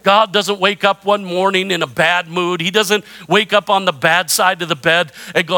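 A man's voice: high voice, measured pace, hardly any pauses, sharp tone. A middle-aged man preaching a sermon as pastor, emphatic, calling for amens, mixing self-deprecating humor with repeated rallying phrases. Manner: emphatic preaching with call-and-response prompts.

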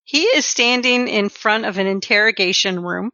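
A woman's voice: mid-range voice, moderate pace, sharp tone, no room sound, lo-fi sound. A woman narrating a tabletop horror game as game master, describing scenes step by step.

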